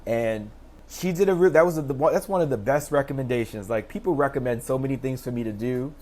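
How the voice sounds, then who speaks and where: A man in his thirties, a teacher and interview guest, telling his story in lively casual speech and acting out the people he quotes, heard over a video call. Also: a little fast. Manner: animated, acts out quoted voices with pitch jumps.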